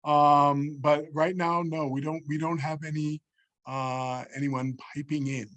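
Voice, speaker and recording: A man's voice: a little high, flat delivery, unhurried, fairly bright tone. A man moderating an online workshop, politely and hesitantly reading questions from the chat with many fillers. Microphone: video call.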